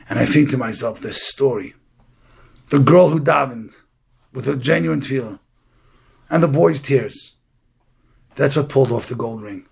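A man giving a sermon, telling a story and acting out the characters with a gravelly, husky voice. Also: mid-range voice, normal speed, long pauses. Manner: animated storytelling, acts out the characters. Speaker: preacher.

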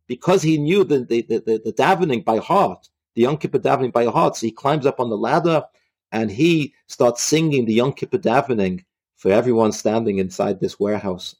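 Man, husky voice, halting religious storytelling, repeats phrases, mid pitch. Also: darkish tone. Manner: halting, repeating himself as he retells.

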